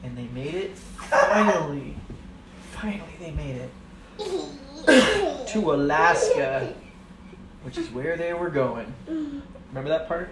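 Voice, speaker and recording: A mother improvising a silly story for her kids, playful and rambling, breaking into laughter along the way. Her voice swings widely in pitch. The room is echoey, with steady noise in the background. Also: slow, long pauses, distant mic.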